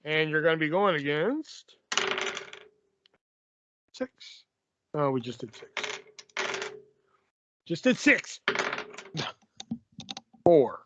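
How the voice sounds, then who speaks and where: Male podcast host, high voice, laughy, lo-fi. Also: very animated, extremely slow, long pauses, background noise. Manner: laughs often, runs the segments. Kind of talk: casual chat. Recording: dull lo-fi dry podcast mic.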